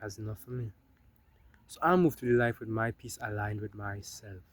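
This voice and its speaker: A man's voice: lowish voice, moderate pace. A man giving casual spiritual self-help talk, loose and conversational, often adding "right?" and "you know?" between points.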